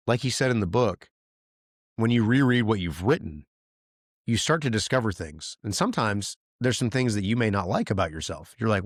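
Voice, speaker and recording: A man's voice: lowish voice, animated, moderate pace, no room sound, clean studio sound. A male podcast host giving casual, emphatic advice, repeating himself and checking in with frequent okays. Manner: emphatic and repetitive, with many okays and likes.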